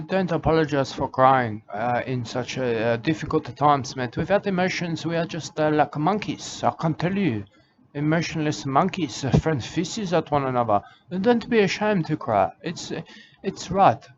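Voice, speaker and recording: A man's voice: a little high, lightly acted. A man playing a rambling, eccentric self-styled wildlife warrior in an absurd comic monologue. He stumbles through broken grammar, keeps saying "uh", and tacks on "mate" again and again. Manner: rambling, full of "uh", keeps saying "I can tell you" and "mate". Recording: dull lo-fi recording with clear background noise.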